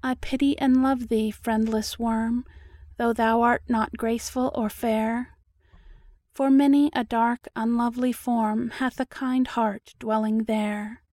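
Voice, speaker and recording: A woman voicing a kind, gentle female clover blossom who softly welcomes a friendless worm in a storybook poem. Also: a little high, fairly even intonation, takes it slowly, no room sound, studio quality. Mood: tender. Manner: soft, tender, welcoming.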